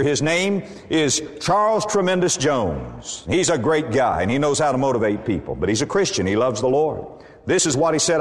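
A male pastor preaching a sermon, emphatic and quoting scripture. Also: fairly high pitch. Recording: long hall reverb.

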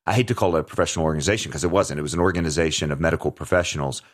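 A man's voice: a bass voice, rapid-fire. A man hosting a talk show, speaking earnestly and emphatically in conversational commentary, often restarting his sentences.

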